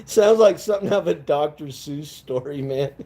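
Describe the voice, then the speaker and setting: Male streamer, loose and profane, rambles and laughs a lot; somewhat high but dark, warm tone. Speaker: live-stream vlogger. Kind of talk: casual live-stream chat.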